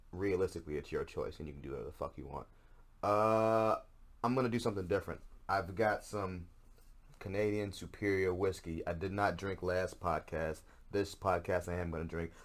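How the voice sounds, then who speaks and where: A man hosting a casual solo podcast, ranting in a profane, sarcastic and rambling way. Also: low voice. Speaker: podcast host.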